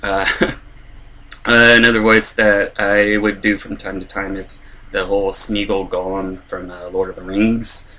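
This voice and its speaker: Bright-voiced young man rambling casually. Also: lowish voice, flat delivery, a little slow. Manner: rambling, many fillers, self-deprecating. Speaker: stand-up comedian and podcast host. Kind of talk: casual podcast monologue.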